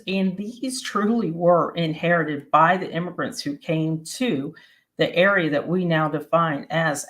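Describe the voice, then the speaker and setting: A woman from Maryland and West Virginia giving an explanatory presentation in a steady, plain-spoken teaching manner. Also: low-pitched. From Maryland and West Virginia, USA.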